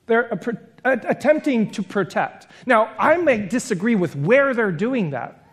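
A man's voice: extremely high pitch, expressive, measured pace, husky. A man preaching a sermon as pastor, reflective and conversational, building long spoken lists and stopping for self-deprecating asides.

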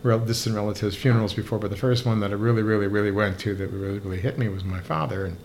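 An older man, a rabbi co-hosting a podcast, speaking reflectively and haltingly, often repeating words as he thinks. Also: fairly low pitch, steady tone, a little mellow, a little hiss or hum. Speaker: rabbi and co-host. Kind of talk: conversational podcast discussion.

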